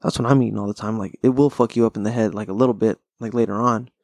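Male solo podcast host, gravelly and loose, cursing his way through rambling stoner chat into a close, dry mic. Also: fairly low pitch, steady tone, quick pace, darkish tone, no room sound. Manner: rambling, profane, laid-back stoner talk.

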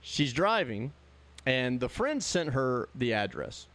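Lively middle-aged man telling stories. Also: mid-range voice, slow pace. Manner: animated storyteller, laughs often. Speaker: podcast co-host. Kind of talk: casual chat.

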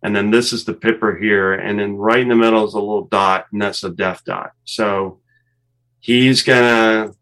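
A man, a former fighter pilot, calmly explaining cockpit footage step by step and laughing at himself now and then. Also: lowish voice, normal speed, low-quality recording. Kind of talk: walking through cockpit footage.

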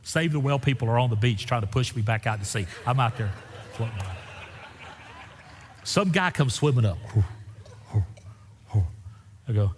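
A pastor preaching a sermon, telling folksy stories with big swings in his voice. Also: a little fast. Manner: folksy storytelling with lively swings in pitch. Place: church sanctuary. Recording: echoey hall with long reverb.

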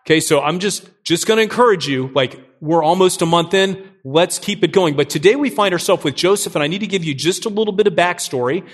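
A middle-aged man preaching a sermon as pastor, energetic and joking, often asking his listeners questions. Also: high voice, fairly quick, few pauses.

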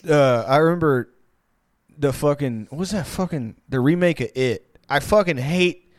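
A man's voice: a little high, normal speed, dry recording, clean studio sound. A man from Louisiana co-hosting a crude comedy podcast, rambling and swearing as he laughs through the talk. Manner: rambling, profane, laughs often. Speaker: podcast co-host.

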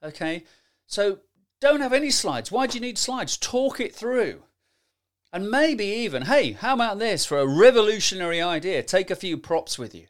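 A middle-aged man gives lively, emphatic podcast advice on presenting, often tagging his points with rhetorical questions. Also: high voice, moderate pace. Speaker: presentation skills coach. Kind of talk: solo podcast advice talk.

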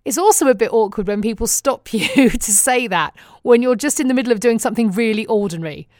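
Chatting to her viewers, this English vlogger based in Phoenix, Arizona pokes fun at herself with wry humor and frequent laughter in her British accent. Her fairly high, expressive voice moves at a quick pace with a darkish tone, recorded dry and clean as in a studio.

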